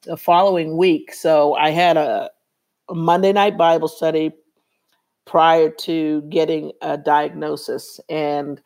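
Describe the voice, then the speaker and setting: A woman's voice: deep voice, little pitch movement, slow pace, a little mellow. A woman guest in an interview giving a personal testimony, telling her story earnestly and acting out the dialogue she quotes. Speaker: interview guest, women's Bible study leader.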